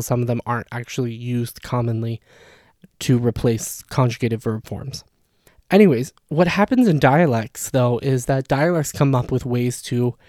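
A man's voice: mid-range voice, a little mellow, dry recording, studio quality. A man teaching Arabic grammar in a chatty lesson, thinking aloud with fillers and restarts. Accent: Levantine Arabic speaker. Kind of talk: casual explainer lesson.

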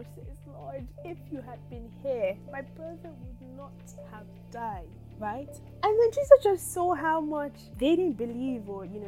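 A woman hosting a casual Bible teaching podcast, telling the story lively and often checking in with listeners. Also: fairly high pitch, rough recording. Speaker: podcast host.

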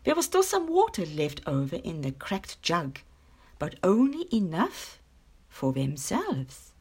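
A woman from Africa, reading a children's story aloud in an expressive storytelling manner. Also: on the low side, breathy edge. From South Africa. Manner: expressive, slow-paced storytelling.

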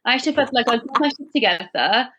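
A woman's voice: fairly high pitch, animated, fast, pushed and bright, husky, heavily acted. A woman talking in a put-on Welsh accent, chatty and rambling in casual conversation. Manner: chatty, rambling, sing-song. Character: young woman telling her week in a mock Welsh lilt. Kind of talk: casual chat.

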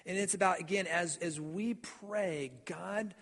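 A man's voice: high-pitched, unhurried, fairly bright tone. A man preaching a sermon as pastor, earnest, often repeating and stumbling over his words. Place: church sanctuary. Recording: long church reverb.

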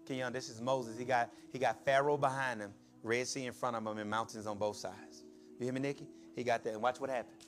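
A man preaching a sermon, calling out to his congregation and building to shouts. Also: mid-range voice, steady tone, fairly quick, faint music behind. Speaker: pastor.

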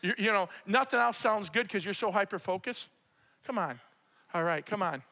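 A man with a very high, bright voice preaches a loose, chatty sermon and slides into spoken prayer. He talks straight to the people in front of him and keeps circling back to the same words. A long reverb from the hall trails each phrase. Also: moderate pace. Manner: animated, repetitive, talks straight to the congregation. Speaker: pastor.

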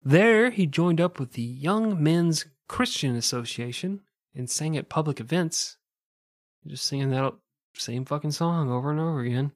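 A man with a fairly high voice narrates a true crime tale in a loose, joking way, dropping curses and laughing along. The sound is dry and close, with no room around it. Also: lively intonation, normal speed, no room sound. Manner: profane, joking, laughs often. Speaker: podcast co-host telling a true crime story. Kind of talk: casual storytelling with jokes.

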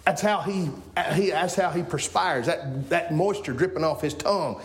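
A man in his forties preaching a sermon in a folksy way that rises into shouting. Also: fairly high pitch, moderate pace. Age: 40s. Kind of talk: fiery sermon.

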